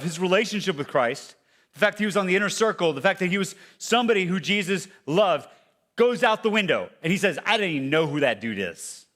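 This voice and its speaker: Male pastor, casual sermon delivery, slightly high voice, shifts between loud emphasis and hushed asides. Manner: conversational preaching, swings from loud to hushed. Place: church.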